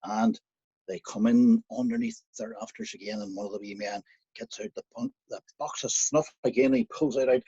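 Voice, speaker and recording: A man with an Irish accent telling a folk tale in a lively, conversational way, speaking straight to his listeners. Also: lowish voice, brisk, breathy edge, no echo, poor audio. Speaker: storyteller.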